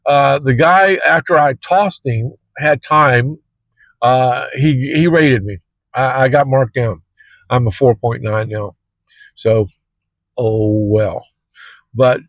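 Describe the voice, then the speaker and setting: A man's voice: medium pitch, animated, slow, dry recording, rough recording. Rambling male rideshare driver vlogging. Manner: rambling, with many fillers and restarts. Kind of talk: casual storytelling to camera.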